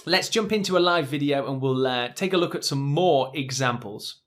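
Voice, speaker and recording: A man's voice: fairly high pitch, expressive, fairly bright tone. A man from Northern England with a Northern English accent, teaching pronunciation in a recorded lesson and drawing out the example words with care. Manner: slow, careful, stretching example words.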